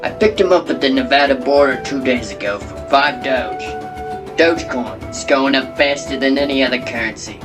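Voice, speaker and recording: A man plays a brash, boastful Australian breeder of monstrous hybrid animals, bragging like a showman. He speaks at a middling pitch, with guitar music playing clearly behind him. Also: moderate pace, lightly acted. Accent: put-on Australian.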